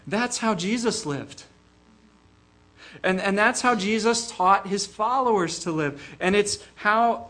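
A man's voice: sits high, fairly bright tone. An older man preaching a sermon in an earnest way, often repeating a small word as he starts a phrase.

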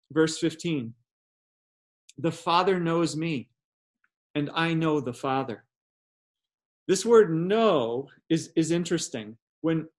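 A male pastor with a notably high voice delivers an earnest sermon. He poses rhetorical questions and often doubles a word as he restarts a sentence.

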